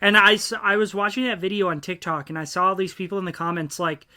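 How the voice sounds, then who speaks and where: Bright-voiced blunt young man. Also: sits high, steady tone, fast. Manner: blunt, profane, enthusiastic. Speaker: podcast co-host. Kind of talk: casual chat.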